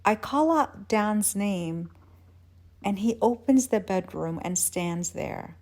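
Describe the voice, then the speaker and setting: A woman narrating her own experience in the first person, acting out her own confused and excited lines in a higher, louder voice. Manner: unhurried, measured narration. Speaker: podcast host telling her own story.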